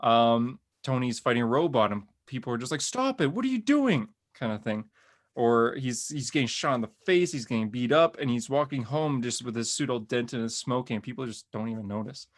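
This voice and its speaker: A man hosting a podcast, chatting casually and excitedly about comic books, rambling with lots of filler words. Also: medium pitch, brisk. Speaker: podcast host. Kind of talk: casual comic book review chat.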